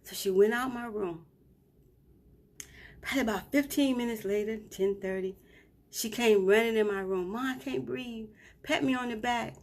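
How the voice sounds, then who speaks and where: A woman's voice: medium pitch, moderate pace, pauses often, a little mellow. A grieving mother live streaming from a hotel room, retelling events emotionally and often checking in with "right?".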